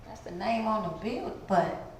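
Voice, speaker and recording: A middle-aged woman from the Chicago area tells her story to a church congregation with lively storytelling. She leaps up into high, loud voices to play the people in her story. The sound carries heavy echo from a large church hall, with a little noise underneath. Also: a little slow. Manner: animated storytelling, jumps into high voices to act out quotes. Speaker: guest speaker. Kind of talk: testimony sermon.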